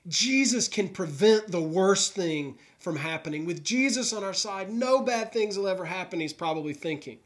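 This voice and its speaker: Male pastor, sermon delivery, earnest narrative style, slightly high-pitched. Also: lively intonation, normal speed, hardly any pauses. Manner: earnest storytelling, voicing characters' thoughts. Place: New York.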